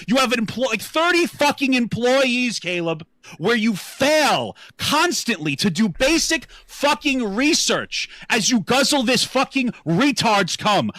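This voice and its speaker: A man's voice: very high-pitched, sharp tone, no echo. A man livestreaming angry, profane commentary with a sarcastic edge.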